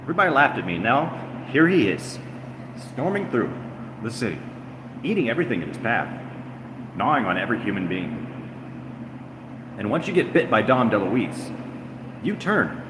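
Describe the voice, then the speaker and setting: A man's voice: mid-range voice, very animated, normal speed, long pauses. A man streaming live from his apartment, rambling in casual chatter and teasing his chat. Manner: rambling, teasing, mock-taunting. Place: apartment room. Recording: echoey room with air-conditioner hum.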